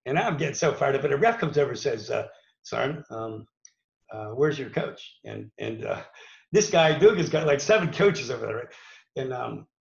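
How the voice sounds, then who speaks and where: A medium-pitched, creaky voice with a sing-song, brisk delivery belongs to a Pittsburgh, USA native who used to wrestle. He narrates his story casually and ramblingly, with many fillers and restarts, recorded in an echoey room with dull lo-fi sound.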